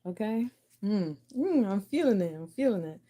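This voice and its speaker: A woman's voice: mid-range voice, big pitch swings, moderate pace, warm tone. A woman giving a casual channelled reading to the viewer, chatty and giggly, with loose slangy talk. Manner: spoken to the viewer as "you". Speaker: intuitive card reader.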